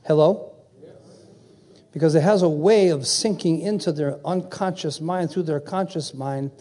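Husky-voiced male preacher, dark tone. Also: on the high side. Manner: call-and-response preaching, quizzing the audience. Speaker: pastor. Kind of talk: sermon.

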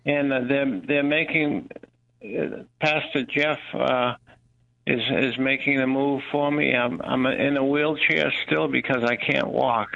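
Halting, gravelly man calling in by phone. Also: medium pitch, steady tone, fairly bright tone. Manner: halting, many hesitations. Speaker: caller asking for prayer. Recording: muffled phone line.

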